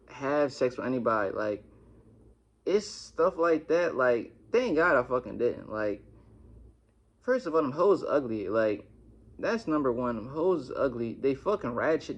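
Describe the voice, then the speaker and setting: A young man telling a storytime vlog in an animated, slangy way, cursing a lot. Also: fairly high pitch, lo-fi sound. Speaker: vlogger.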